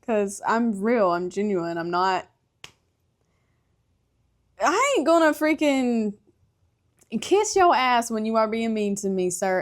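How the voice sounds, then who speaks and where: A young woman chats on her own podcast in a loose, candid way. She laughs often and swears freely, as if talking to friends. Her voice sits in an ordinary middle register for a woman. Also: mid-range voice. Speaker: podcast host. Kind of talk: casual solo podcast chat.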